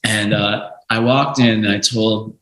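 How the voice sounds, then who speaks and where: A man and podcast guest telling a story in a casual, animated way, swearing freely and acting out what others said. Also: fairly low pitch, unhurried. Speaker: podcast guest, music lawyer. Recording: echoey room.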